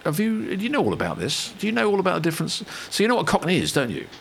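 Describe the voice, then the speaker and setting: A man's voice: high-pitched, huge pitch swings, very fast, creaky, a bit bright, slight background noise. Chatty rambling Englishman. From England. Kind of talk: casual chat.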